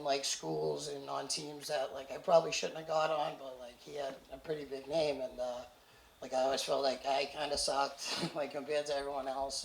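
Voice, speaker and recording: A man telling his own recovery story to an audience, halting and self-deprecating, a little short of breath. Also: fairly high pitch, gravelly. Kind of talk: personal story told to an audience. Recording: echoey hall.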